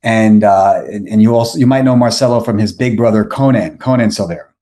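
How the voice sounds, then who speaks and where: A man's voice: on the low side, brisk, warm tone. A man, telling a story on a podcast as the guest, rambling with many restarts and fillers. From New York. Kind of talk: casual storytelling.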